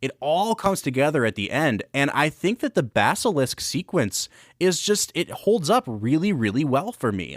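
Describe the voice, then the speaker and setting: A man's voice: medium pitch, dry recording, studio quality. A man co-hosting a film and whiskey podcast, talking through a movie in casual, enthusiastic, analytical chat. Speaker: podcast co-host.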